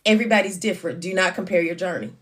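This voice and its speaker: A woman's voice: rapid-fire, husky. A woman hosting a casual morning livestream, greeting viewers by name and calling them baby and honey. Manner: lively, swings up high in exclamations. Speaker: livestream host.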